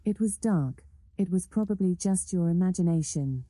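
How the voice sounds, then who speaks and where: A man voicing a skeptical female home assistant, deadpan and doubting. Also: high voice, normal speed, dry recording.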